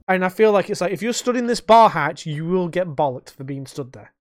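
A young man, hosting a casual podcast chat and telling animated stories that he acts out and laces with swearing. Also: high-pitched, a little fast, few pauses, dry recording, studio quality. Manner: animated storytelling, swearing, acting out quotes. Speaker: podcast host.

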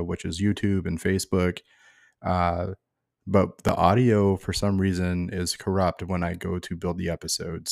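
A man's voice: low voice, vocal fry, a little mellow. A man hosting a horror movie podcast in a laid-back, casual way, full of fillers and calling people dude. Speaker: podcast host.

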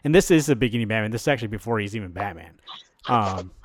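A man with a fairly low voice talks at a quick pace. He's a podcast co-host casually narrating a comic book storyline, lively in delivery, acting out what the characters say and cursing every so often.

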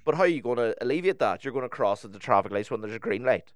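A man's voice: mid-range voice, animated, very fast, smooth, dry recording, studio quality. A man in casual podcast chat, talking candidly and swearing freely as he tells personal stories.

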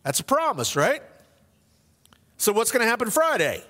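A male pastor preaching a sermon in an earnest, conversational way, shifting between soft and emphatic delivery in a church sanctuary. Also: very high-pitched, huge pitch swings, moderate pace, in a large hall.

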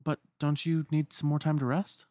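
A man's voice: on the high side, little pitch movement, moderate pace, dark tone, no echo, clean studio sound, pitched above the performer's own voice, close to an everyday voice. A man voicing a caring, easily startled teenage boy in a lifted, eager voice. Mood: earnest.

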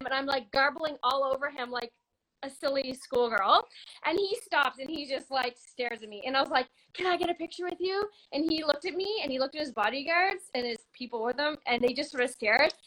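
Bright, high-voiced Canadian woman storyteller. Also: moderate pace, poor audio. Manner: animated, laughing, bursts into shouts when reenacting. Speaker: guest telling a story. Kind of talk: casual storytelling.

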